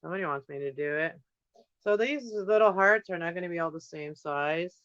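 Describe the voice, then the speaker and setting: Bright-voiced man rambling while he paints. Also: on the high side, fairly quick, smooth, no room sound, highs cut off. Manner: thinks aloud, drifting from topic to topic with fillers. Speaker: livestream host painting on camera. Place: indoors at home.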